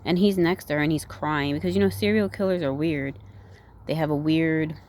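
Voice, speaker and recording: Woman, low register, casual rambling movie-recap vlogger, heavy use of fillers and "right?" tags. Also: normal speed, darkish tone, slight background noise. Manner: rambling, full of "like", "you know" and "right?". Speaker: movie reviewer.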